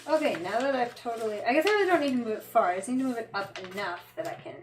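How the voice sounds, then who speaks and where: Chatty woman, high voice, echoey room. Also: expressive, racing, soft background music. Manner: chatty, rambling, swears when frustrated. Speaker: fashion designer. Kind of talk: casual livestream chat while working. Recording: echoey room with background noise.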